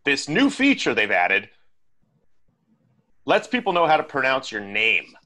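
A man co-hosting a podcast, chatting casually with animated, joking asides. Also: mid-range voice, measured pace. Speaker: podcast co-host.

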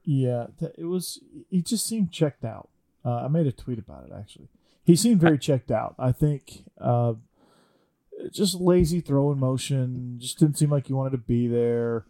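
A man co-hosting a casual sports podcast, talking in halting bursts with many fillers. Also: mid-range voice, warm tone. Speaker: co-host, Georgia fan.

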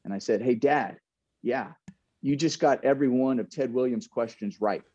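A man's voice: mid-range voice, normal speed, mellow, breathy edge, no room sound, dull audio. A man, a former ballplayer, reflecting in a casual interview and telling stories with frequent laughs and restarts. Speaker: guest, former pro baseball player.

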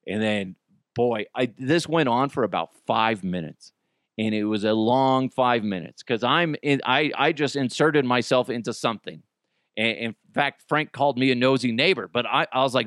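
A man's voice: moderate pace, no echo. Guy on his podcast telling a wild story, swears a lot, voice jumps all over, dry close sound. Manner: animated, acts out quotes with big pitch jumps, swears freely. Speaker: podcast host. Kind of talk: casual storytelling monologue.

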